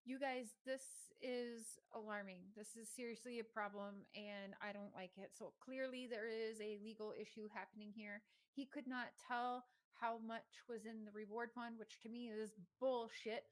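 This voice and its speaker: A woman's voice: fairly high pitch, steady tone, moderate pace, hardly any pauses. A woman hosting a casual livestream, talking outspokenly and indignantly to her viewers. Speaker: livestream host.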